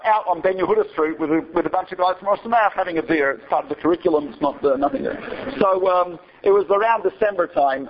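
A man's voice: sits high, slight background noise. A male rabbi telling a story to his students in a digressive, chatty lecture, often checking in with a rhetorical "right?". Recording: dull lo-fi recording.

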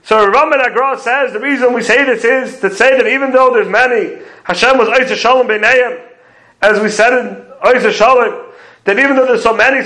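High-voiced man teaching prayer commentary. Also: bright, forceful tone, reverberant, rough recording. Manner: explains commentaries step by step, quoting Hebrew phrases. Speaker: Torah teacher.

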